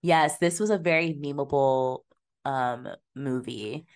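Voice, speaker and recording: Woman podcast co-host, low voice, loose and profane movie chat. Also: takes it slowly. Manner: chatty, swears freely, slips into mocking impressions. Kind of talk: casual movie-review chat.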